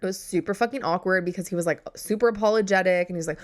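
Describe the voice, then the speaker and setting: A young woman with a slightly low voice hosts a podcast and tells a story in loose, casual chat. She sounds exasperated and sarcastic, swears freely, and mimics both herself and the other person as she goes. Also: very fast. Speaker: podcast host.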